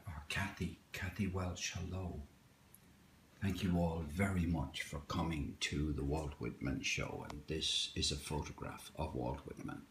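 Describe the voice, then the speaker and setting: A man chats casually to a live audience from his home kitchen, his voice very low and his pace unhurried. He greets viewers one by one and wanders a little as he talks. A faint hiss of background noise sits under the recording. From Ireland. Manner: greets viewers by name, rambling and hesitant. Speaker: host of a live poetry stream. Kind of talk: casual live-stream chat. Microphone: phone.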